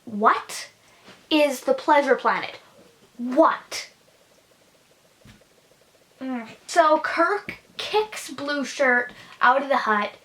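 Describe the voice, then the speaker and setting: Brief: young female host, sarcastic recap, slightly high, slow delivery. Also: lively intonation, fairly bright tone. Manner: chatty, sarcastic. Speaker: host and reviewer. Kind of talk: casual episode recap.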